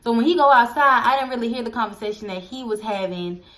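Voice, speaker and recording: A young woman, casually telling a storytime vlog, animated and addressing viewers directly. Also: fairly high pitch, fast talker. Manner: animated, acts out quoted voices, addresses viewers as y'all. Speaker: storytelling vlogger.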